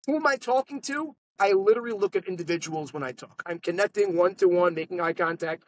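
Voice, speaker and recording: Brief: higher-voiced New man, animated storyteller, faint room hum. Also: rough recording. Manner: animated salesman storytelling, quick asides. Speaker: podcast guest. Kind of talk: casual storytelling interview. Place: podcast studio.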